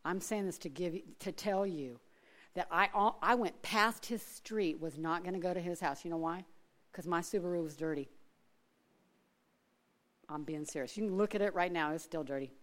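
Bright-voiced woman telling church stories. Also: on the low side, normal speed. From Alaska. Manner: chatty, laughing often, acts out voices. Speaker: church speaker. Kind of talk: testimony sermon with stories.

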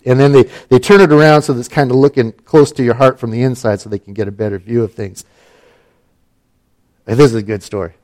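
A man's voice: medium pitch, steady tone, fast talker, darkish tone. A middle-aged man from Alaska telling a personal story in a casual, wry and self-mocking way, with plenty of fillers and restarts.

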